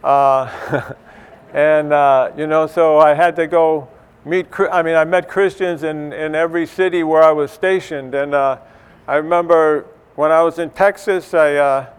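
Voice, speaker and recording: Smooth-voiced man giving casual church teaching. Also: a little high. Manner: conversational, many fillers and restarts. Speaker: church speaker.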